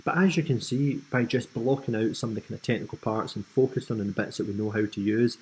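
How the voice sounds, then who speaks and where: Scottish male tutorial host, lowish voice, a bit husky, relaxed and chatty with lots of ums. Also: fast, poor audio. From Scotland. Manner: casual and friendly, with frequent ums and asides. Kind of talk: screen-recorded software tutorial.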